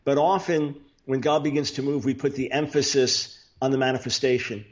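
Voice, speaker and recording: A man's voice: mid-range voice, steady tone, normal speed, highs cut off. A man as an interview guest, an author explaining theology earnestly with frequent restarts. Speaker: guest, Bible teacher and author.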